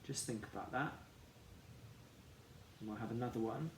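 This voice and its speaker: A man teaching a phonics lesson for children, sounding out each letter slowly and carefully. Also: medium pitch. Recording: echoey room, faint background noise.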